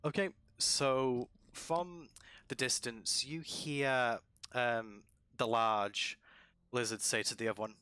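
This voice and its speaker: A man running a tabletop game as dungeon master, narrating at a relaxed pace with many pauses and ums. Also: medium pitch, clean tone, no echo.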